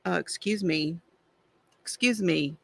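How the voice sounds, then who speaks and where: A woman's voice: fairly low pitch, slow, gravelly, fairly bright tone, slightly rough, dry recording. A middle-aged woman hosting a craft livestream, chatting casually and confidingly while she colors, with frequent sighs. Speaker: craft channel host.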